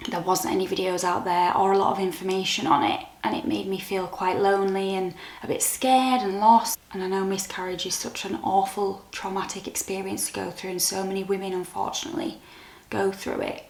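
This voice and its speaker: A young British woman vlogger telling a personal story to camera in a soft, candid, halting way that turns emotional. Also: mid-range voice, steady tone. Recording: echoey room.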